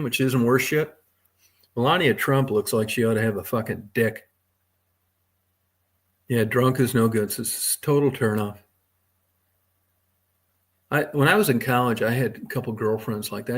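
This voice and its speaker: A man's voice: mid-range voice, a bit bright, breathy edge. Middle-aged male streamer, crude and rambling, swears freely, addresses his chat. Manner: talks to chat viewers by name. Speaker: livestream host. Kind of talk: casual livestream chat.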